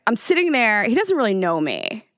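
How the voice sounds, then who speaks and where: A woman's voice: a little high, wildly swooping pitch, moderate pace, fairly bright tone, no room sound, clean studio sound. A woman co-hosting a podcast in casual chat, with wry, self-mocking banter and some swearing. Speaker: podcast co-host.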